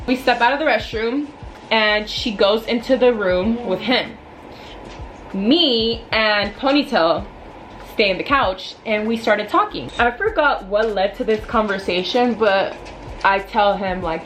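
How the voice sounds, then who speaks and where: A woman in her twenties telling a storytime vlog in a chatty, animated way, full of "like" and asides. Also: fairly high pitch, moderate pace, slight background noise, rough recording. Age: 20s. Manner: animated, chatty, filler-heavy. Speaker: vlogger. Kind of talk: casual storytime.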